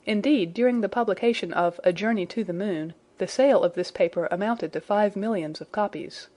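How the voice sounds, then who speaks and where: A woman reading a classic adventure novel aloud in a measured, even storytelling manner. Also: mid-range voice. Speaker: audiobook reader.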